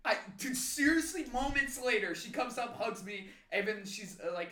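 A man in his twenties telling animated, profane stories in casual podcast chat. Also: very high voice, normal speed, reverberant. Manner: animated storyteller, swears freely. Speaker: podcast co-host.

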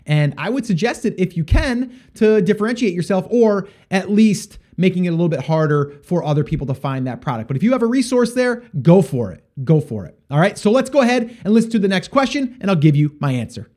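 Podcast host, male, high-pitched, casual and rambling with fillers; answers listener questions. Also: sing-song, brisk, hardly any pauses, a little mellow. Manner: rambling, with frequent fillers and restarts. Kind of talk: casual solo podcast advice.

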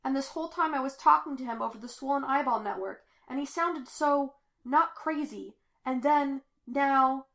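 A nervy, doubting boy who swings between dry remarks and panicked shouting, heard in a fan-fiction audiobook, with a woman reading him. His voice sits slightly high with a creaky rasp. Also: lively intonation, a little slow, few pauses. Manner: anxious, exasperated. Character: nervous, skeptical twelve-year-old boy.

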